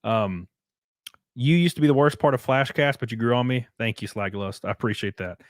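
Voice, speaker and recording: Male streamer, Southern rural drawl, relaxed and profane, mid-pitched, dry close sound. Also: brisk, no room sound. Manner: laid-back, drawling, profane. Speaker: streamer reading super chats. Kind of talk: casual livestream chat.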